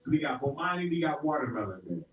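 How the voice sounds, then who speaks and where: A man's voice: on the high side, sing-song, fast talker. A middle-aged man from South Carolina teaching a hip-hop rhyming workshop to a group, upbeat and playful, with call-and-response. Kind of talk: interactive workshop lesson. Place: indoor room with an audience. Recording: roomy, distant, dull sound.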